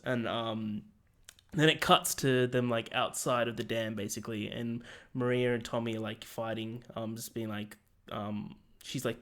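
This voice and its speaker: A man co-hosting a podcast, retelling scenes in a lively, casual way and acting out characters' lines, swearing freely. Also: mid-range voice, moderate pace. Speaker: podcast co-host. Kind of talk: casual chat. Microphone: remote call.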